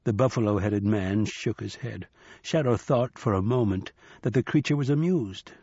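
A man narrating an audiobook in a measured, even storytelling manner. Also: lowish voice, breathy edge, dry recording. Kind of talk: scripted narration. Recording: slightly dull dry recording.

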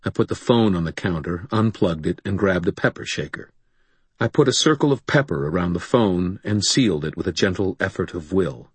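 A man narrating a first-person audiobook in a dry, gruff, matter-of-fact way. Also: deep voice, expressive, moderate pace, dry recording.

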